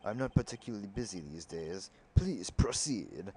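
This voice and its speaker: A man voicing a pompous older male lawyer who keeps clearing his throat theatrically. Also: on the low side, expressive, normal speed, darkish tone, slight background noise.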